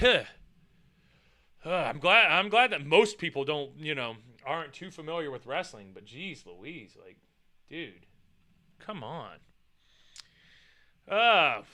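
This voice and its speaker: An American streamer with a voice on the high side rants animatedly while reacting to a list and his chat. He swears a lot and mocks things with put-on voices in this profane, casual rant.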